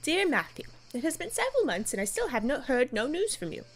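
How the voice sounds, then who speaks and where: A woman's voice: high-pitched, big pitch swings, fairly quick, voice pushed up. A woman reading aloud a young woman's earnest, pleading love letter from a game. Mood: longing.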